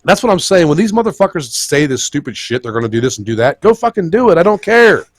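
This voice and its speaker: A man hosting a live podcast, ranting in a profane, heated way. His pitch swings widely and sits a bit high for a man. The sound is dry and close, with little room echo. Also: big pitch swings, fast talker. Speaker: podcast host. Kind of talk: casual live podcast chat.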